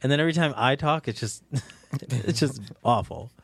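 A man, a voice actor guest, telling stories in a casual podcast chat, animated and laughing, acting out the quotes. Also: mid-range voice, moderate pace, gravelly, slightly rough, no echo. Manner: animated, laughing storyteller who acts out quotes.

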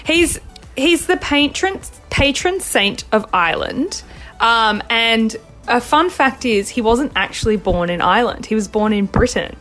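A young Australian woman co-hosts a casual podcast from home. Her voice sits a little high, and she chats bubbly and fast, with "like" all through. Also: animated, a bit bright, faint music behind, low-quality recording. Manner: chatty, bubbly, full of "like". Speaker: podcast co-host. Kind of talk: casual chat.

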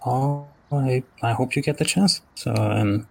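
A man's voice: mid-range voice, unhurried, gravelly, a little mellow, husky. A man playing a tabletop game in character as a courier, speaking hesitantly and stumbling over his words. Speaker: player.

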